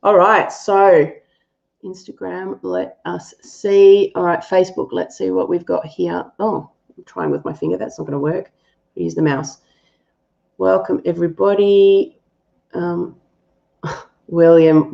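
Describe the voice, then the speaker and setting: Lower-voiced woman, affectionate live reader. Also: unhurried, gravelly, darkish tone, dull audio. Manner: affectionate, calls viewers "my love", thinks aloud with fillers. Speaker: spiritual animal reader hosting a live stream. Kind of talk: live-stream reading and Q&A.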